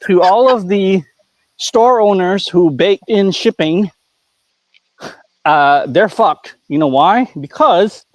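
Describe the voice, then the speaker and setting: A man's voice: a little high, no echo. Blunt, profane man ranting on stream. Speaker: figure store owner and stream host. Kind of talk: casual live-stream chat.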